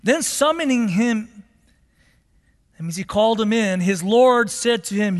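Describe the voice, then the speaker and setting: A male pastor preaching a sermon in a church, telling the story in an animated way and acting out the characters. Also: high-pitched, measured pace. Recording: long hall reverb.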